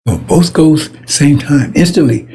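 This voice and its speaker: A man's voice: on the high side, animated, a little slow, warm tone, breathy edge. A man giving an informal, rambling sermon, repeating himself and stressing points emphatically, with occasional stumbles. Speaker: preacher.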